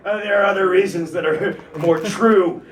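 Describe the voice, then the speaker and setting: High-voiced ranting comedian man in his thirties. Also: fairly even intonation, moderate pace, echoey room, recorded from a distance, crowd noise. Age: 30s. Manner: rants and shouts in bursts, laughing, profane. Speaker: stand-up comedian. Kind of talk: stand-up comedy set.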